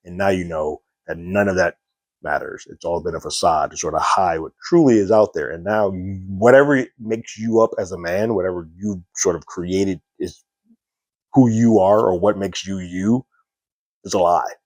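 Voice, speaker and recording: A man's voice: deep voice, moderate pace, darkish tone, no echo. A man giving a casual spoken review of a TV episode, recapping scenes loosely with lots of fillers and quoted dialogue.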